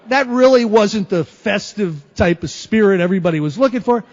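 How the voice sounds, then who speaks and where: A man speaking at a recovery meeting, telling his personal story in an animated, wry way and acting out moments. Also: high-pitched, normal speed, few pauses. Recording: lo-fi recording in a reverberant hall.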